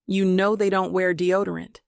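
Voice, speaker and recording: A woman's voice: mid-range voice, level tone, normal speed, vocal fry, no echo, lightly acted. A woman voicing a blunt, teasing older grandmother in a dry, close recording, her lines full of churchgoing humor. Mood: sassy.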